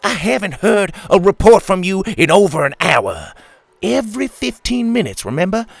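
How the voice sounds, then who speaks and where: Brief: smug, whiny fairground owner, put on by a man, loud and bossy, high. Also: very animated, moderate pace, vocal fry, no room sound, heavily acted. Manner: bossy, snapping.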